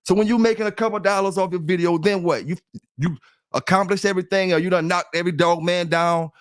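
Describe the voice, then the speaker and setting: A middle-aged man hosts a livestream in a high-pitched voice, talking fast with fairly even intonation. His casual chat is rambling and repetitive, aimed directly at his listeners, and the studio-quality audio has no echo.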